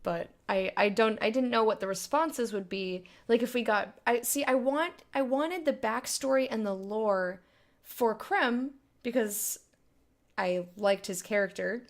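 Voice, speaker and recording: A woman's voice: fairly high pitch, measured pace. A woman hosting a blind let's play, giving casual, emotional commentary on a game. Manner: emotional, chatty reactions.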